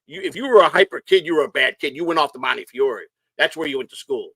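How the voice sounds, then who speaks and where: Hyper middle-aged guy from chicago rattling off stories, bright and dry. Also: a little high, animated, husky, dry recording. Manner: hyper, rapid storytelling with swearing. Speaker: guest. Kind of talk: casual chat.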